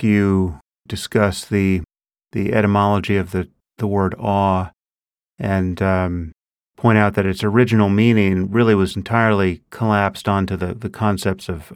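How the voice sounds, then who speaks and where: Male host, low smooth voice, measured, dry close mic. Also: steady tone, no echo. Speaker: interviewer, host. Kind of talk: interview questions.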